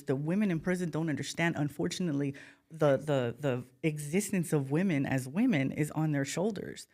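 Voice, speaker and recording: A woman's voice: sits low, moderate pace, darkish tone. Impassioned blunt woman podcast guest. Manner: impassioned, blunt, rambling with restarts. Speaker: guest, former inmate. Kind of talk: casual podcast conversation.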